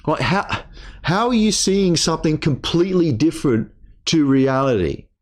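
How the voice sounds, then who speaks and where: A man's voice: fairly high pitch, lively intonation, normal speed. A young man hosting a gaming channel, delivering an angry personal rant full of swearing, stammered restarts and repeated words.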